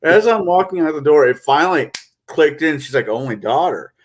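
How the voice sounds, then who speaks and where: A man's voice: a little high, normal speed. A man in casual late-night chat, easygoing as he tells a story about his daughter. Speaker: divorced father in conversation.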